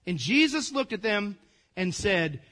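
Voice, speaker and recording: A man preaching a casual, conversational sermon, calling the congregation "gang" and swinging between loud emphasis and quiet asides. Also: sits high, big pitch swings, unhurried. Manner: folksy, calls the congregation "gang", asides to the room. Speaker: pastor.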